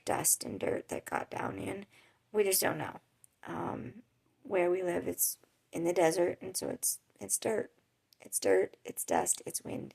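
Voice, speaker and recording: A woman's voice: mid-range voice, vocal fry, husky. A woman vlogging about her life with chronic illness, telling stories in a chatty, rambling way with little laughs. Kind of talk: casual storytelling to camera. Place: home in a hot desert area.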